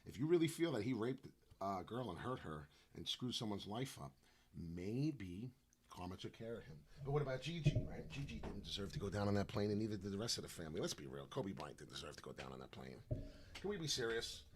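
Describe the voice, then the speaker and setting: A man's voice: on the low side, brisk, background noise. Brash New York man rambling over crypto charts. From New York / New Jersey. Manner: brash, rambling, excitable, swings from loud to muttering. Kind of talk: casual live stream chat.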